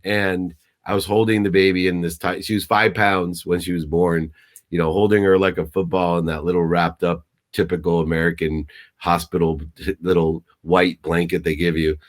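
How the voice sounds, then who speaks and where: A middle-aged man with a very low voice, talking as a guest mentor in an interview. He speaks emphatically and with feeling, stumbling into restarts. His voice is a little choked up. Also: little pitch movement, normal speed. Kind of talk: motivational interview talk.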